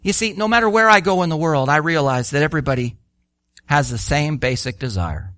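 Lively, bright-voiced male preacher. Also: fairly high pitch, a little fast, dry recording, studio quality. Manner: animated, rhetorical questions, acts out quoted voices. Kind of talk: sermon.

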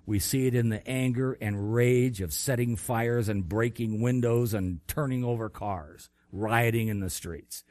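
Man preaching an animated sermon, dry sound. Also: no room sound. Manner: animated storytelling with swings between loud bursts and quiet low lines. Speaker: pastor.

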